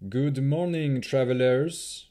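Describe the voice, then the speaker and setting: A man voicing a haughty male elf chamberlain who speaks in a cold, measured, sneering way. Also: medium pitch, mellow, voice pushed up, close to an everyday voice. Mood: cold formal.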